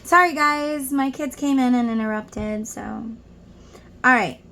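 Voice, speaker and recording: A woman's voice: high voice, measured pace, bright, forceful tone, a little hiss or hum. A woman giving a casual tarot reading at home, chatting and reading song lyrics aloud between her explanations. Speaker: tarot reader.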